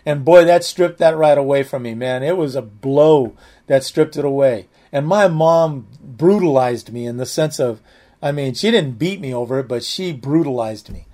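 A man's voice: mid-range voice, moderate pace, mellow. A man preaching a sermon, telling a personal story in a rambling, conversational way with many restarts, often saying "man" and "amen".

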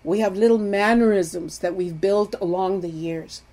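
A middle-aged woman giving an earnest talk on marriage and intimacy, pleading with her listeners, swinging from loud emphasis to soft hushed lines. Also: medium pitch, normal speed. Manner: earnest, pleading, addresses viewers as "people". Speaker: Christian marriage teacher. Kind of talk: earnest teaching talk to viewers.

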